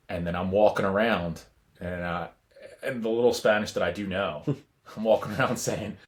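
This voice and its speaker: A man's voice: lowish voice, moderate pace. A man co-hosting a podcast, telling rambling, self-deprecating stories in casual chat. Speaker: podcast co-host.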